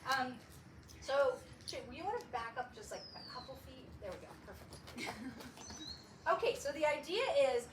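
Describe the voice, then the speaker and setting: Woman, dog trainer, high voice, animated, excited praise for puppies, echoey room, distant mic. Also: measured pace, background noise. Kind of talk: demonstrating training.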